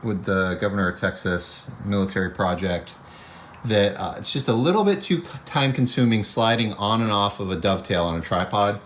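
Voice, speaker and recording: A man's voice: fairly low pitch, lively intonation, normal speed, a bit bright. A man talking casually in a rambling, matter-of-fact way, narrating his travel vlog from the road. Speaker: cinematographer vlogger. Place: outdoors by a van on the road. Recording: noisy outdoor traffic ambience.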